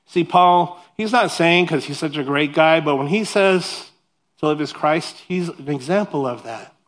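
A man preaching a sermon in a voice pitched a little above the usual male range. He reads scripture aloud and explains it verse by verse. He keeps things animated with joking, self-deprecating asides to the congregation. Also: unhurried. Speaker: pastor.

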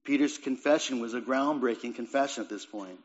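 Man preaching with swelling and hushed lines. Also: mid-range voice, brisk. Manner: swings between raised emphatic lines and quiet, dropped phrases; repeats and restarts words while preaching. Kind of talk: sermon. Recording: dull lo-fi recording.

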